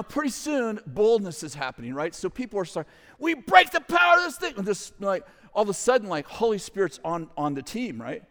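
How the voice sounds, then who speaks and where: Animated man telling a story in a hall. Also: high voice. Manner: animated, loud bursts and acted quotes, chuckling asides. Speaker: ministry leader telling a story. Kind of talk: storytelling testimony to an audience. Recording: long hall reverb.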